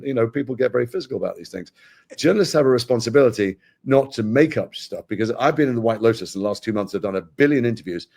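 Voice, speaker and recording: A man's voice: medium pitch, vocal fry, darkish tone. A middle-aged British man with an English accent, a guest actor speaking frankly in a live interview with wry asides. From Britain.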